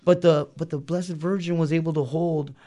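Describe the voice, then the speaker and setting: A man's voice: on the high side, level tone, normal speed, warm tone. Earnest slangy man telling his story. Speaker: interview guest. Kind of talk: casual personal testimony. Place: small studio beside a chapel.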